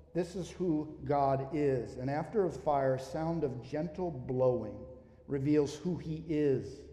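A man preaching a sermon, building to emphatic, forceful peaks and then dropping to quiet, low asides. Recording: echoey hall, long reverb.

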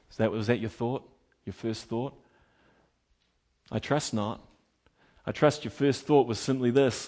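A man preaching a sermon, animated and emphatic, moving between quiet asides and loud, lively passages. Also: mid-range voice, a little slow. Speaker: pastor.

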